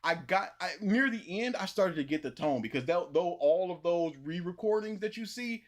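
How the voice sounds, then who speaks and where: A man hosting a casual livestream, telling a long story with lots of repetition and animated emphasis. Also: sits high, moderate pace.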